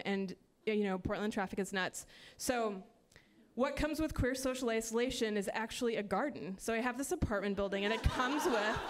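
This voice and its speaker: A woman performing a stand-up set in a chatty, self-mocking way full of "like" and quick asides. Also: fairly high pitch. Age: 30s. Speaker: stand-up comedian. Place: comedy club stage.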